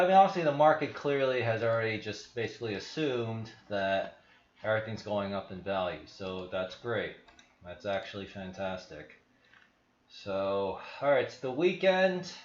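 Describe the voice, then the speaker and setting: On a casual, rambling livestream, a crypto and stock market streamer chats about markets in a mid-range voice, sounding slightly out of breath. He wanders between thoughts, restarts a lot, and thinks aloud. The muffled recording is reverberant, with slight background noise.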